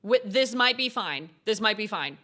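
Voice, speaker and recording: A young woman gaming streamer doing let's-play commentary, joking, giggling and reacting loudly to the story. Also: medium pitch, animated, normal speed.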